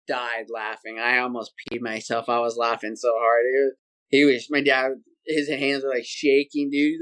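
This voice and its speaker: A man, a podcast guest telling a hunting story in a lively, casual way and acting out sounds and voices. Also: mid-range voice, normal speed. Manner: animated, acts out sounds and voices.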